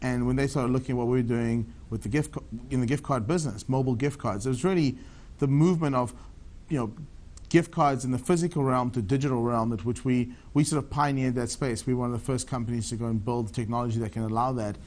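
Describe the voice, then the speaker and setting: Guest: South African man in his thirties, rapid-fire and eager, answers ramble with restarts. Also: medium pitch, fairly even intonation, darkish tone. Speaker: tech entrepreneur guest. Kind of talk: TV business interview.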